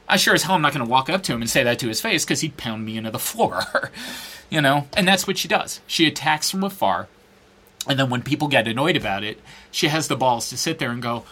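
A man's voice: mid-range voice, expressive, brisk, sharp tone, slightly rough. A man, a blogger, talking casually and bluntly, swearing and mimicking others in a mocking voice. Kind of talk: animated casual talk.

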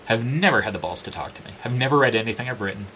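A man in his forties, an interview guest, telling personal stories in a candid, profane, animated way and acting out what others said. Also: mid-range voice, racing, a little hiss or hum. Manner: profane, animated, acts out quoted dialogue. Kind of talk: candid storytelling conversation.

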